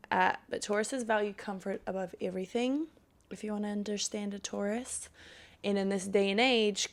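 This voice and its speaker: A woman's voice: mid-range voice, gravelly. A young woman hosting a solo podcast, chatting casually and profanely, then giving a fired-up pep talk. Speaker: podcast host.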